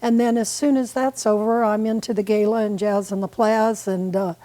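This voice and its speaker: Woman in her eighties, dark mellow tone, rambling warm chat, TV interview guest. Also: mid-range voice, steady tone, normal speed, low-quality recording. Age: 80s. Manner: warm, rambling, with restarts and fillers. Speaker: community volunteer guest. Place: local TV studio.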